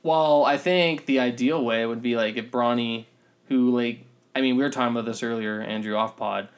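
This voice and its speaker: Male co-host, medium pitch, contrarian, casual filler-heavy chat. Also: steady tone, normal speed. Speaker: podcast co-host.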